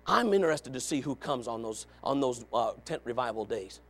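A middle-aged male pastor preaching a revival sermon, with an emphatic, repetitive cadence, dropping to low asides and rising to shouted exhortation. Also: a little fast, few pauses.

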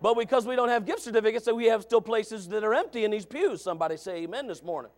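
A man preaches from the pulpit in a strikingly high voice. He talks in a homespun way, repeating himself. He drops to near murmurs, then rises to fervent shouts. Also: fast talker. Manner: impassioned preaching, swings from quiet to shouting; folksy, repeats phrases. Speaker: pastor. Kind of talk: sermon.

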